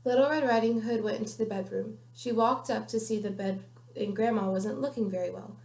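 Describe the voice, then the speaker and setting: A woman's voice: mid-range voice, brisk, creaky, a little mellow. A young woman reading a children's picture book aloud carefully, with small slips now and then. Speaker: guest reader. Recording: echoey room.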